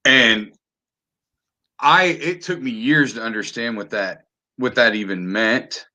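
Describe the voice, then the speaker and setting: Bright punchy guy hosting a podcast, swears a lot, keeps restarting sentences. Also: mid-range voice, slow. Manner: animated, swears freely, frequent restarts. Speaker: podcast host. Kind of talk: casual chat.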